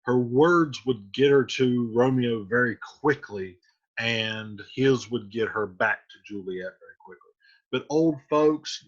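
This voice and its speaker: A man teaching a class, casually retelling a play in plain everyday words. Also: medium pitch. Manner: paraphrases in plain slang. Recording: muffled lo-fi recording.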